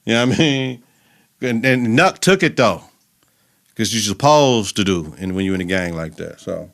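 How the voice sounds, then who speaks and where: A man hosting a podcast, giving a casual, animated recap of a TV episode full of profanity. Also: fairly low pitch, normal speed, vocal fry. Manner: animated and profane, acts out scenes. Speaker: podcast host.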